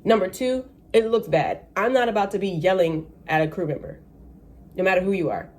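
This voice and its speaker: A woman's voice: mid-range voice, brisk. A woman, a flight attendant, telling a story in a casual ranting vlog and acting out the people in it. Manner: animated, acts out voices of people in the story. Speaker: vlogger.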